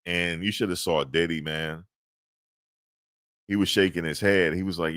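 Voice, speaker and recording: A man retells what he saw in an animated, slangy way, circling back and repeating himself. The sound is dry and close, with no room around it. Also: deep voice, normal speed, no room sound. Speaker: commentator recapping a court hearing. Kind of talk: casual recap.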